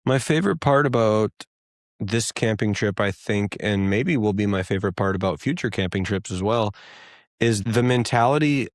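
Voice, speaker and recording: A man's voice: fairly low pitch, normal speed, dry recording, studio quality. A man in his thirties co-hosting a podcast, easygoing and reflective in casual chat. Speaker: podcast co-host.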